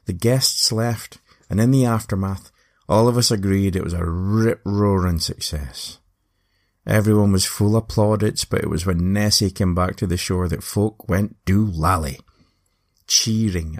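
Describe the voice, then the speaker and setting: Scottish male storyteller, low and gravelly, wry and playful. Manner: wry, lively, playful asides. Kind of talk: casual storytelling narration.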